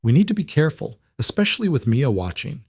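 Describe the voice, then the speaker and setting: A man voicing a cautious widowed single father, quiet and hesitant in audiobook dialogue. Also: fairly high pitch, big pitch swings, fast talker, breathy edge, dry recording, studio quality, pitched above the performer's own voice. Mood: guarded.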